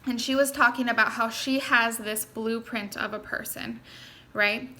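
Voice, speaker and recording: A woman's voice: a little high, fairly even intonation, a little slow, pushed and bright. A young woman giving an earnest, encouraging motivational talk to her sales team, speaking straight to her listeners. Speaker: network marketing team leader.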